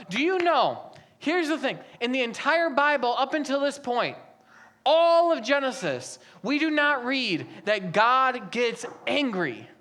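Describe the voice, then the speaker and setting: A woman's voice: high voice, fairly bright tone. A young adult woman preaching a sermon as a pastor, asking the congregation a stream of rhetorical questions.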